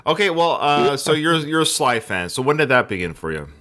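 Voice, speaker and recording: A man from Western Canada hosts a casual podcast with real enthusiasm. His pitch rises and falls a lot as he talks. He chats warmly with his guest and laughs along. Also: big pitch swings, fairly quick. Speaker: podcast host.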